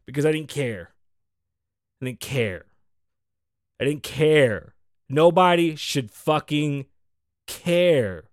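A man's voice: fairly high pitch, animated, takes it slowly, pauses often, no echo, clean studio sound. A man from the Bronx, hosting a podcast in loose, profane, riffing chat and teasing his co-host. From the Bronx, New York. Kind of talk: casual freestyle podcast talk.

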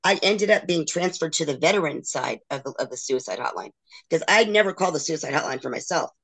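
A woman's voice: deep voice, lively intonation, fast, fairly bright tone. A middle-aged woman, a guest in an interview, frankly and emotionally recounting a long personal ordeal. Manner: emotional, frank, acts out others' quoted words. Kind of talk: candid personal storytelling.

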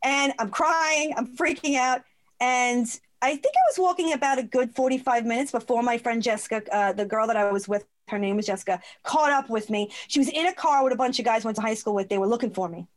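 Speaking in a fairly high pitch, a woman guest tells a personal story during a conversation. She is expressive and laughs easily, giving voice to those she quotes.

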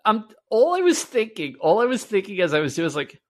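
A host in casual chat who laughs often and acts out quoted lines in the middle of stories. The voice sits mid-pitch and easygoing. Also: big pitch swings, brisk.

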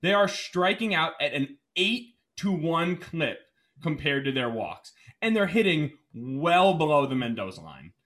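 Steady man reading off sports stats. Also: a little high, measured pace. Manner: steady, reads out stats, calms his partner. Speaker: podcast co-host. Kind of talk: casual sports talk.

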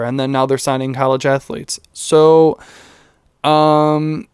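A man's voice: mid-range voice, flat delivery, slow, clean tone, dry recording, studio quality. Rambling, profane young man podcasting. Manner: rambling, profane, self-mocking, lots of fillers. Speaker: podcast host. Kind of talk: casual solo podcast rant.

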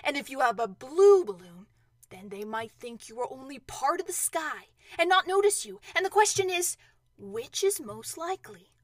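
Earnest slow-witted teddy bear as a woman reads him, high and bright, loud, dry close sound, storybook. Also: very animated, no room sound. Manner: earnest and ponderous, with hesitant restarts. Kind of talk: storybook reading.

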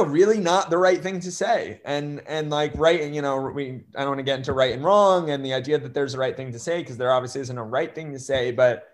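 Earnest young man with halting speech. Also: a little high. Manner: earnest, halting, many restarts and fillers. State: choked up with emotion. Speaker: guest. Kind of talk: conversational interview.

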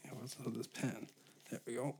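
A man's voice: mid-range voice, steady tone, a little fast, darkish tone, slight background noise. Twenties male podcast host with a profane, sarcastic rant. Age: 20s. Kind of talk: solo comedy podcast rant.

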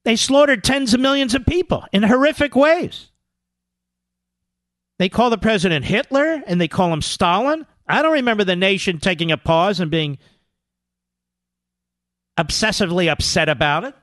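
A man's voice: sits high, animated, moderate pace, long pauses, a bit bright, no echo, clean studio sound. A male talk radio host delivering a combative, sarcastic political monologue, mocking his critics with impressions.

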